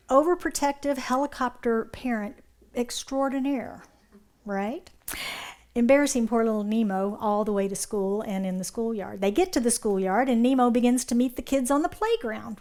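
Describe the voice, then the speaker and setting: A woman minister giving a sermon, retelling a story with animated delivery and checking in with her listeners. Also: fairly high pitch.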